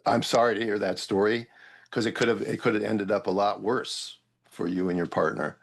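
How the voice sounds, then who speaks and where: A man's voice: fairly low pitch, steady tone, moderate pace, creaky. A middle-aged male doctor, a guest on a podcast, explaining his views in an opinionated way and listing questions a patient should ask. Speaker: obstetrician guest. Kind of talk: podcast interview.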